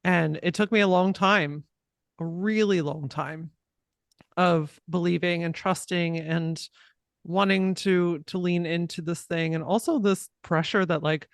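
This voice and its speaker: A woman's voice: fairly low pitch, fairly even intonation, a little slow, dry recording, studio quality. A woman podcast host speaking candidly and from the heart in a casual interview, with the odd swear word.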